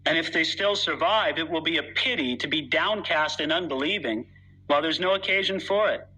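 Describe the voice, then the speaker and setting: A man's voice: a little high, brisk, bright, forceful tone, slightly rough, low-quality recording. A man preaching a sermon in an earnest, emphatic way, reading scripture aloud with dramatic weight.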